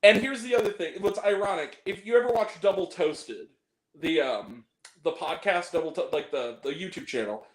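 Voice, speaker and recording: A man co-hosting a casual podcast chat about movies, animated, swearing freely and breaking into laughter and exaggerated reactions. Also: high-pitched, normal speed, reverberant, low-quality recording. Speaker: podcast co-host.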